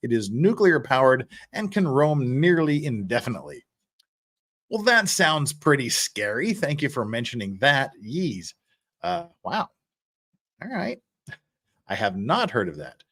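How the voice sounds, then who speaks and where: With a mid-range voice and an unhurried pace, this American livestream host reads out chat messages. He rambles lively along, laughing frequently and restarting his words.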